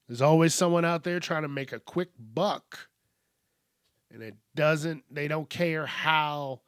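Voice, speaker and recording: A man's voice: a little high, no echo, studio quality. A male podcast host riffing casually on news stories, joking and swearing freely. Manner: profane, joking, rhyming asides.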